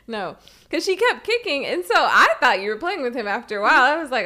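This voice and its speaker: A woman's voice: high-pitched, very animated, normal speed, pauses often, a bit bright. A young adult woman co-hosting a podcast, telling a personal story in casual chat and laughing often. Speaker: podcast co-host.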